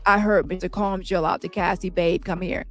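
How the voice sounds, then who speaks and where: A woman reading the part of a man testifying in court, recounting events in a plain, halting way, with faint music behind. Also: lowish voice, fairly even intonation, lightly acted. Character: shaken male witness testifying at trial.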